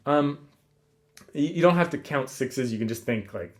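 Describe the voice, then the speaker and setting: Relaxed man teaching guitar. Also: medium pitch, moderate pace. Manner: relaxed, counts rhythms aloud, frequent ums. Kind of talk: casual instructional talk.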